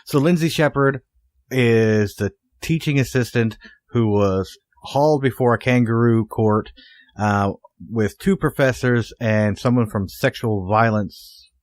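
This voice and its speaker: A man co-hosting a podcast in casual chat, explaining hesitantly with many filler pauses. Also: mid-range voice, dry recording. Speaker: podcast co-host.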